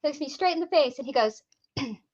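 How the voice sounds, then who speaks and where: A woman co-hosting a casual chat, telling stories in an animated way and swearing freely. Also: sits high, fast talker, lo-fi sound. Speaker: podcast co-host.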